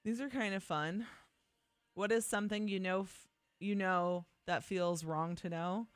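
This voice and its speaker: A young woman co-hosts a morning radio show, her medium-pitched voice clear and resonant with no room sound. She speaks at a measured pace, chatting casually but animatedly and emphatically, and slips into mock voices now and then.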